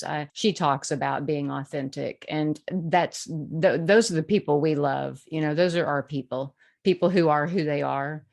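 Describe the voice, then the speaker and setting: A woman co-hosting a podcast with a very low voice. She talks casually and appreciatively, stumbling and restarting her sentences as she goes. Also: creaky. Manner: warm, affirming, stumbling restarts. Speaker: podcast co-host. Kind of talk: casual interview chat.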